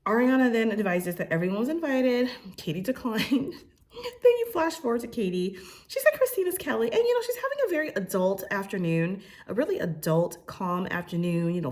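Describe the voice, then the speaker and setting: A woman's voice: expressive, moderate pace, a little mellow. A young woman recapping a reality TV episode in a casual, opinionated way, full of fillers, sometimes mimicking the cast. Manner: chatty and opinionated, with frequent fillers; mimics cast members' lines in a higher voice. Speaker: recap host.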